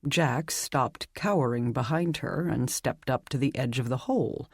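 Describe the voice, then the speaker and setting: A narrator reading a dark fantasy novel aloud with a measured, even storytelling delivery. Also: mid-range voice, vocal fry, husky. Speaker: audiobook narrator. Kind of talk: scripted audiobook narration.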